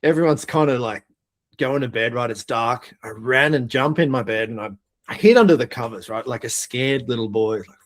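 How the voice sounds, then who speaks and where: A middle-aged man from Australia, a podcast guest and air force veteran, telling a story in a lively, swearing way and laughing as he goes. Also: mid-range voice, moderate pace. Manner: animated, swears a lot, laughs through his story. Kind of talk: casual storytelling.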